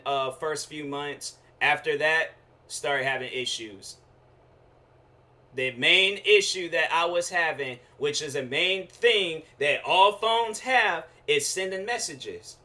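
A young man hosting a podcast, ranting casually in an animated, slangy storytelling way with frequent fillers. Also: on the high side. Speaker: podcast host. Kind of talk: casual rant.

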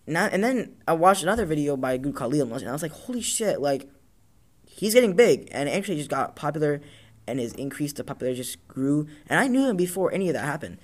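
Speaking very fast in a slightly high, expressive voice, a man who hosts a casual podcast out of Tacoma, Washington spins rambling, profane stories. He acts out people's words along the way.

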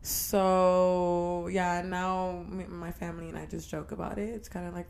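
A young woman with a slightly low voice co-hosts a podcast. She talks frankly and teasingly and laughs easily. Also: level tone, a little slow, gravelly, a little mellow. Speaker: podcast co-host. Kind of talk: candid casual chat.

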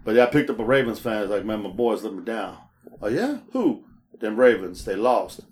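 A man's voice: fairly low pitch, fast talker. A man co-hosting a casual podcast, telling rideshare-driving stories with lots of laughter and acted-out voices. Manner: animated storyteller, laughs often, acts out voices. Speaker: podcast co-host; rideshare driver. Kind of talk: casual chat.

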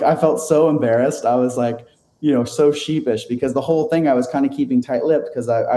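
Rambling self-deprecating man, mellow voice. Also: medium pitch, roomy sound. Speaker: interview guest. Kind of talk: casual storytelling.

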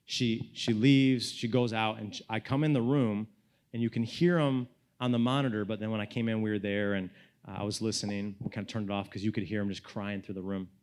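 A young man preaching a sermon, telling a personal story in a casual, animated way that swings from loud to hushed, with lots of "like" and "you know". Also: fairly low pitch, a little fast. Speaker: pastor.

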